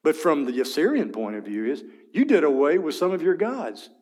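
A man teaching a Bible study in a conversational, vivid way, often clearing his throat and asking listeners to picture the scene. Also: fairly high pitch, sing-song, fairly quick, darkish tone.

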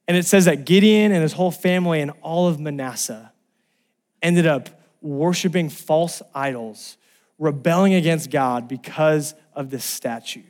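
A man from Los Angeles preaching a sermon, telling a personal story and rising to loud exclamations. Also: fairly high pitch. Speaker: pastor.

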